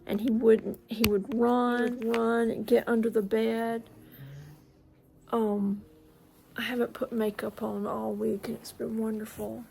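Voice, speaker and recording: A woman's voice: on the high side, level tone, a little slow, gravelly, mellow, slight background noise, rough recording. A woman chatting casually to camera at home, rambling, trailing off and slipping into whispered asides. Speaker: vlogger. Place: at home in front of a mirror.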